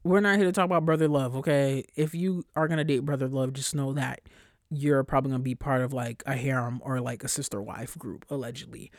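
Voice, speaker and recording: Talking briskly with fairly even intonation, a young adult podcast host gives a blunt, slang-heavy solo monologue laced with profanity. Worked up, the voice gets high and loud; the recording is dry with clean studio sound.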